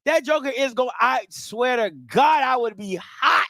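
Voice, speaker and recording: A high, lively man chatting casually about sports as co-host. His pitch swings widely as he tells stories, repeats lines and laughs. The sound is close and dry. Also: measured pace, gravelly, dry recording. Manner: animated, laughing, repeats himself. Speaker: podcast co-host.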